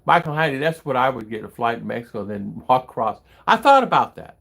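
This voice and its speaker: An older man from the United States talks off the cuff in a rambling way, his voice gravelly with fry. He drifts between stories and viewer comments and turns indignant and heated when he gets going. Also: medium pitch, big pitch swings, a little fast, fairly bright tone. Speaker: livestream host reading chat. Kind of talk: casual livestream chat. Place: home in the Philippines.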